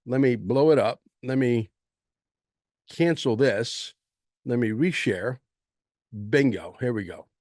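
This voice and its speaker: An older man talks loosely and at length to his viewers, circling back and hammering words by repeating them. His voice sits in an ordinary middle pitch. The sound is dry, with no room around it. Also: slow, long pauses, a little mellow, no room sound. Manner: rambling, emphatic, repeats words for stress. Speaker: host and precious metals dealer. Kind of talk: casual livestream talk.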